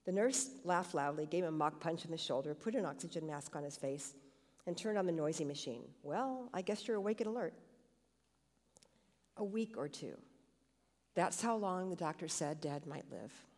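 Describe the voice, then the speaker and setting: A woman's voice: deep voice, normal speed, darkish tone, big-room sound. A woman reading a personal story aloud expressively to a congregation. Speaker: scripture reader.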